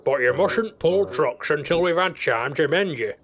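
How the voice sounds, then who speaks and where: A man's voice: fairly high pitch, lively intonation, moderate pace, music in the background, close to an everyday voice. A man voicing a stern, fair-minded male railway boss who speaks firmly.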